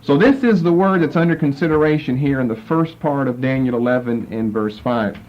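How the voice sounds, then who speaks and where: A man's voice: medium pitch, a little fast. A man teaching a Bible class and patiently walking listeners through verses and Hebrew words. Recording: dull lo-fi lecture recording with faint noise.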